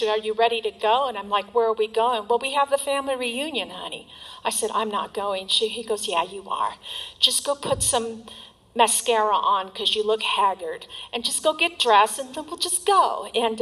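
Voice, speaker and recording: A middle-aged woman shares her recovery story as a personal testimony, speaking candidly and with emotion, her soft asides trailing off. Her voice sits in the mid-range, and the audio quality is poor.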